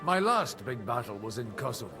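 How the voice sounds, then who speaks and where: A man's voice: mid-range voice, very animated, brisk, music in the background. A man voicing a dry, wry former soldier turned priest in a video game. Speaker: game character.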